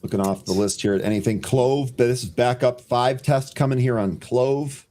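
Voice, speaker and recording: A man co-hosting a live trading show, calling stock moves and timestamps in a brisk, dry way with the odd sarcastic aside. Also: mid-range voice, warm tone. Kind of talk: live market commentary.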